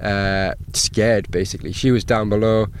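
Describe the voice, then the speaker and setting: A man, a sailboat captain, telling lively stories in a casual interview and acting out the things people said. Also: lowish voice, normal speed, slight background noise. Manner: animated anecdotes, acts out quoted exchanges. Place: outdoors by an anchored sailboat.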